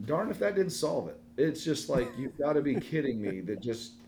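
Animated man telling family stories. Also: medium pitch, normal speed, slight background noise. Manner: animated storyteller, quoting family in lively voices. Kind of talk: casual storytelling chat.

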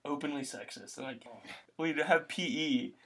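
A man's voice: fairly high pitch, moderate pace. A young man, hosting a casual chat and telling stories with lots of acted-out quotes. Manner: animated storyteller, acts out quotes.

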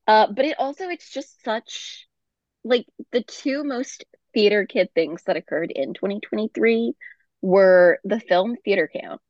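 A woman's voice: mid-range voice, expressive, a little mellow, dry recording. Wry woman co-host on a dull, dry mic. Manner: quick, wry commentary with laughs and fillers. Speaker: podcast co-host. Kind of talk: casual chat.

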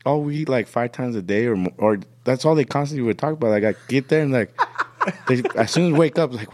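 A man's voice: mid-range voice, big pitch swings, fast talker, darkish tone. A man telling a story in casual podcast chat, swearing a lot, laughing and acting out his relatives' lines. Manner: profane, laughing, acts out relatives in quotes. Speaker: podcast guest.

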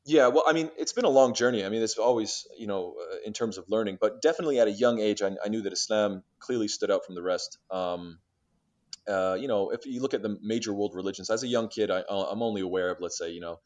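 A man being interviewed, telling stories in a lively way and acting out conversations, with many restarts and fillers. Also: lowish voice, fast talker. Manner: animated storyteller who acts out exchanges, many restarts and fillers. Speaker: interview guest. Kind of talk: casual storytelling interview.

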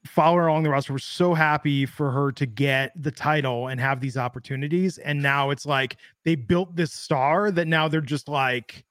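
A man with a fairly high voice chats through a wrestling recap, opinionated and rambling, full of filler words. The sound is close and dry, with no room echo. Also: steady tone, normal speed, hardly any pauses, fairly bright tone. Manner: chatty, opinionated, rambling with many "like"s. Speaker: wrestling show co-host. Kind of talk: casual podcast chat.

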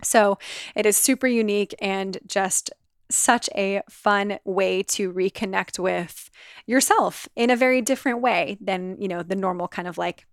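A woman's voice: medium pitch, a little slow, dry recording, studio quality. A woman hosting a podcast in casual chat, bubbly, laughing often and swearing freely. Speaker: podcast host.

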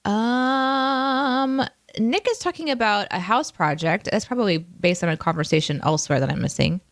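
A woman's voice: medium pitch, normal speed, no echo, studio quality. A woman co-hosting a casual livestream chat, laughing easily and reading out comments from the chat. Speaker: podcast co-host.

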